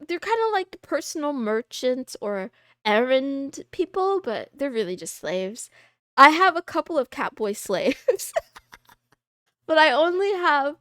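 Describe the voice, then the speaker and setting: A young woman VTuber chatting casually with her live chat, playful and quick to laugh. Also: high-pitched, dry recording, studio quality. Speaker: VTuber streamer.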